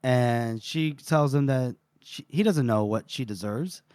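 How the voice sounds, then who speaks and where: A man's voice: mid-range voice, unhurried, a little mellow, clean tone, dry recording, studio quality. A man co-hosting a podcast, casually retelling a book chapter, dropping into brief character voices and laughing often. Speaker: podcast co-host. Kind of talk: casual book-club recap.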